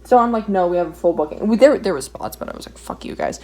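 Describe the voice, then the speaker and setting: A woman's voice: medium pitch, lively intonation, fast, darkish tone, low-quality recording. Ranting, foul-mouthed young woman. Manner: ranting, profane, exasperated. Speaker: vlogger. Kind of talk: casual storytime while drawing.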